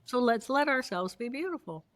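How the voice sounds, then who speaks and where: A woman's voice: on the high side, normal speed. A woman, a guest expert, telling stories in an interview and playfully acting out the voices of people in them. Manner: acts out voices, playful, expressive. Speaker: guest neuroanatomist. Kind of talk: animated interview storytelling.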